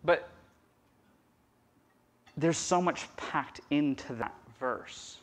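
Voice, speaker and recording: A man preaching a conversational sermon as pastor, swinging from loud emphasis to a near-whisper. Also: fairly high pitch, extremely slow, slight background noise. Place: church.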